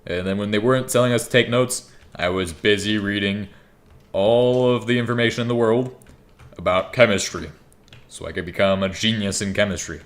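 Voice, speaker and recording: A man's voice: lowish voice, fairly even intonation, moderate pace. A young man giving rambling, joking gameplay commentary, swearing freely. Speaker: gaming YouTuber.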